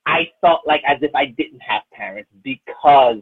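A man's voice: mid-range voice, moderate pace, husky, no echo. Emotional man on a tinny phone line. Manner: emotional, rambling, many fillers and restarts. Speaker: podcast host. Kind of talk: casual interview chat. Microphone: phone call. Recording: muffled phone-like call audio.

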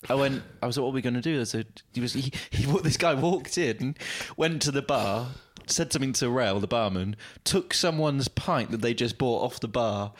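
A man co-hosting a comedy podcast, telling stories in halting, excited bursts. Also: medium pitch. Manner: halting, lively teller. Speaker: podcast co-host. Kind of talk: casual storytelling chat.

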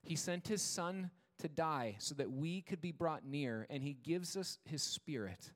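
A man's voice: on the high side, expressive. Earnest male pastor in echoing hall. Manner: measured, earnest preaching with slowed emphasis on repeated words. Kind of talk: sermon. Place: church sanctuary. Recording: long reverb of a church hall.

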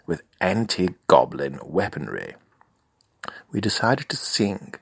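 A man narrating a comic story in a mock-grand, deadpan manner, mixing fancy words with swearing. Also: sits low, gravelly, husky, dry recording, studio quality.

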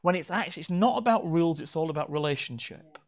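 Preaching from the front of a church hall, this pastor talks fast in a voice pitched slightly above the typical man's. He teases the congregation playfully, slipping jokes in between his teaching points.

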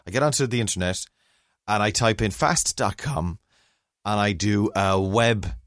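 A middle-aged Irish man with a low voice tells a long, self-mocking story in casual chat. The recording is dry and close, as if from a remote call. He rambles and circles back on himself as he talks. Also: normal speed, fairly bright tone, no echo. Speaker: podcast co-host.

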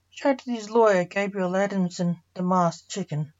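A woman narrating a story in a plain, unhurried reading. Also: mid-range voice, a little mellow. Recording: dull lo-fi recording.

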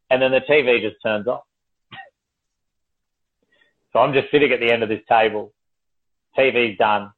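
A man's voice: on the low side, steady tone, moderate pace, long pauses. A young man telling a story casually, rambling, swearing and laughing as he goes. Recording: tinny phone-like livestream audio.

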